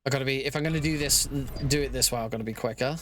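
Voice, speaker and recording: A young man talking through his own game speedrun live, chatty and quick to laugh, thinking aloud as he plays. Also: mid-range voice, a bit bright, slight background noise. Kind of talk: live gameplay commentary.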